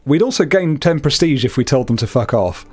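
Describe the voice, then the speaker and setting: A man's voice: mid-range voice, lively intonation, a little fast, darkish tone, husky, faint music behind. Laid-back man reading out game events. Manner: reads game text aloud, laid-back and joking. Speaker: co-op gamer, channel host. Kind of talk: casual gameplay chat.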